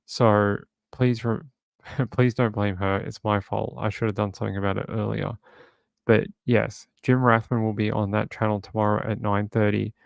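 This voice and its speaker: A man's voice: on the low side, creaky, no room sound. A man hosting a true crime livestream from home, chatting casually and reading viewer comments aloud.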